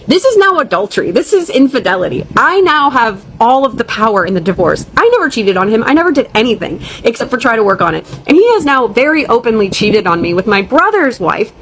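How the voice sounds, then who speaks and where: A woman's voice: on the high side, very animated, fast talker, few pauses, slight background noise, poor audio. A young woman telling a storytime vlog, ranting and upset, blunt and profane, on the verge of tears. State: near tears.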